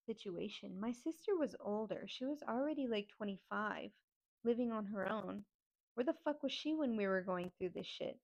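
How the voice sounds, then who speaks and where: Female host, mid pitch, raw and profane personal storytelling, slightly muffled recording. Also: expressive, moderate pace, a little mellow. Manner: emotional, swearing, raw and blunt. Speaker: podcast host.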